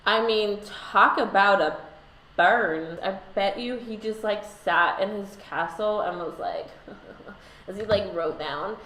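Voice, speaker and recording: A woman vlogger with a medium-pitched, slightly bright voice tells a history story slowly and irreverently. She's sarcastic, leans heavily on "like" and other fillers, and swears, all in an echoey room.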